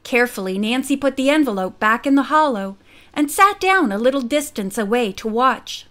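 A woman narrating a girls' mystery audiobook in a measured, quiet storytelling manner. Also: fairly high pitch, lively intonation. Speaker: audiobook reader. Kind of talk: scripted narration.

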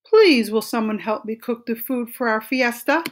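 A woman's voice: a little high, big pitch swings, a little slow, fairly bright tone, voice pushed up, heavily acted. A woman voicing a hardworking, fed-up female iguana in a storybook read-aloud, emphatic and exasperated. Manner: eager, then exasperated, emphatic.

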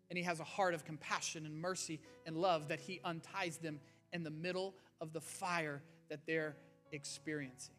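A man's voice: fairly high pitch, steady tone, moderate pace, a bit bright. A man preaching an earnest, conversational sermon to his church as its pastor. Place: church sanctuary. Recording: faint music underneath.

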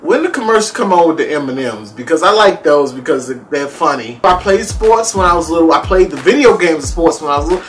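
A man hosting a casual comedic vlog to camera, self-mocking, laughing often and jumping up high in pitch for emphasis. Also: animated, brisk, few pauses, faint music behind. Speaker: vlogger.

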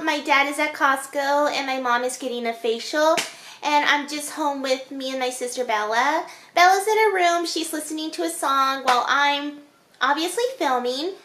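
A woman's voice: sits high, pushed and bright, echoey room. A young woman chatting to a handheld camera at home in a bubbly, casual vlog style, with small sighs and laughs. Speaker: vlogger. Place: at home, indoors.

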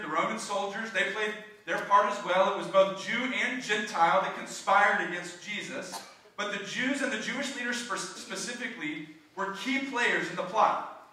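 A man's voice: high voice, bright, forceful tone. A man, a pastor delivering a sermon, emphatic and repeating his key lines. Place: church sanctuary. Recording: echoey room, from a distance.

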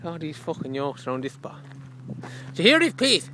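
An Irish man giving rowdy, swearing, excited amateur commentary from the roadside at a rally stage, with car engines passing behind. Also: a little high, moderate pace, background noise. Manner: rowdy, swearing, whooping and cheering. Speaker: spectator commentator.

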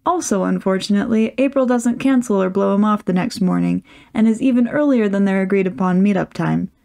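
A woman reading a fan fiction story aloud with lively, wry storytelling. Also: medium pitch, fairly quick, creaky. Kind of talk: audiobook narration.

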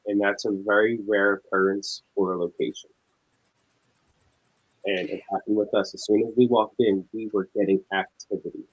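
A man's voice: on the low side, little pitch movement, normal speed, slightly rough, poor audio. A young man, a paranormal investigator, talking casually in a guest interview. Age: young adult. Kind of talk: casual chat.

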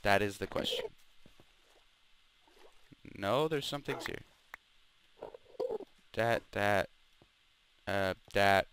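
A man's voice: on the low side, drawn-out words, long pauses, background noise. A young man hosting a Minecraft let's play, grumbling, swearing and trash-talking the mobs as he plays. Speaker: gaming channel host.

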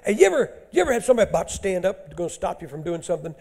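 A male preacher delivering a folksy sermon, dropping to hushed asides and rising to loud, emphatic scripture reading. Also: sits high, lively intonation, racing, creaky, hardly any pauses.

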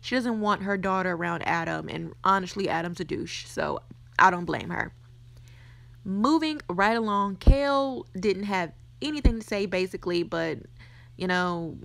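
A woman's voice: mid-range voice, animated, moderate pace, creaky, a bit bright, no room sound. A woman hosting a casual TV recap, blunt and opinionated, talking in a gossipy way. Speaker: podcast host.

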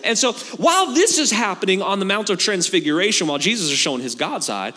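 A man's voice: sits high, fast talker, hardly any pauses. A man preaching as a pastor, telling the story in a casual, joking way and acting out the dialogue. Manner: animated storytelling with acted-out dialogue. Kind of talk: sermon. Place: church sanctuary. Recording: long hall reverb from a church.

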